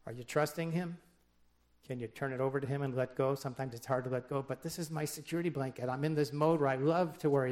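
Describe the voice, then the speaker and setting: A man preaching a sermon in a conversational way, dropping wry joking asides and reading scripture aloud with emphasis. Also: a little high. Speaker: pastor.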